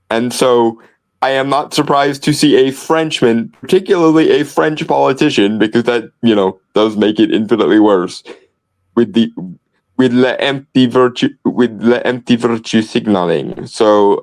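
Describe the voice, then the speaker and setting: A man's voice: medium pitch, darkish tone, rough recording. A man co-hosting a podcast in casual commentary, sardonic and wordy, often restarting phrases. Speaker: podcast co-host.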